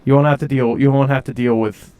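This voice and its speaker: Deadpan podcast co-host man. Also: mid-range voice, a little fast, clean tone. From Delaware County, Pennsylvania. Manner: deadpan joking. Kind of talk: casual chat.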